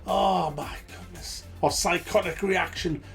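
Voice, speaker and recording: A man's voice: high-pitched, steady tone, a little slow, gravelly, a bit bright, soft background music. A middle-aged man hosting a gaming channel, ranting with nostalgia, swearing a lot and repeating game titles over and over.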